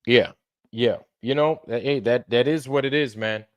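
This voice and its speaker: A man's voice: mid-range voice, moderate pace, clean tone, no echo, lo-fi sound. Profane ranting man on a livestream. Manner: profane, repetitive, swings between muttering and shouting. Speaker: live streamer. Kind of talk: heated livestream rant.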